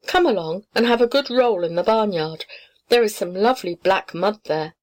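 A woman's voice: medium pitch, animated, normal speed, a little mellow, natural voice. A woman voicing a coarse, greedy pig in a storybook reading, blunt and pushy.

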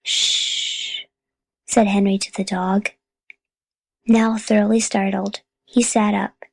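A woman narrating a children's chapter book in a calm, steady reading voice. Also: medium pitch, unhurried, gravelly, dry recording, poor audio. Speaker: audiobook reader. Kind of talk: storybook narration.

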